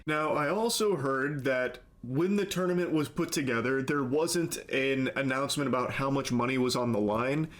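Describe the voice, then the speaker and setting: A man explaining events in a commentary video, measured, with sarcastic asides and acted-out quotes. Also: medium pitch.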